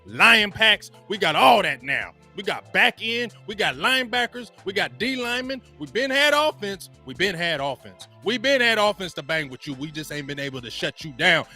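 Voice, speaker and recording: Hyped, bright-voiced sports talk man. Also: high voice. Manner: hyped, repetitive, slangy, chant-like calls. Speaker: sports talk show personality. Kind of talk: excitable sports talk rant.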